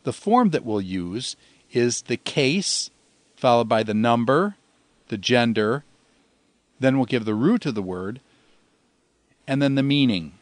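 Slow, measured male language teacher. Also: mid-range voice, expressive, no echo. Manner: measured, pausing often, drawn-out Greek phrases for repetition. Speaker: Greek teacher. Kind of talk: slow, deliberate grammar lecture.

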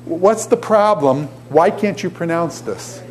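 A man teaching a classroom lecture in an animated way, often asking his students questions. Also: a little high, takes it slowly.

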